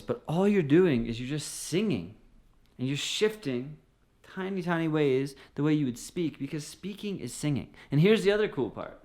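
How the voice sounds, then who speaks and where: A man teaching singing straight to the camera in a relaxed, encouraging way, now and then singing short phrases. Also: on the high side, normal speed. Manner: encouraging, conversational, often sings short phrases. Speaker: music teacher. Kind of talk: direct-to-camera singing lesson.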